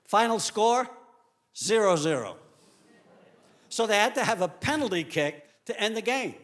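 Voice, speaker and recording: Man telling stand-up jokes, slightly high voice. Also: sing-song, moderate pace, a bit bright. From Italian heritage. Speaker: stand-up comedian. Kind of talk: stand-up comedy routine. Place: comedy stage before a live audience.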